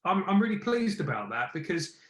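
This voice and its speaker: A man, a TV presenter, coaching presenters in a live online session with energetic, encouraging emphasis. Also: high voice, brisk. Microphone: video call. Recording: echoey room.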